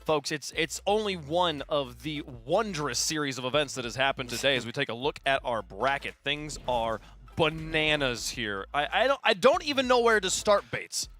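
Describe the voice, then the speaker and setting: A man's voice: fairly high pitch, animated, normal speed, bright, forceful tone, faint music behind. A man hosting a live esports broadcast, enthusiastic and speaking to the viewers. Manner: enthusiastic, addresses viewers as folks. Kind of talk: live esports analysis chat.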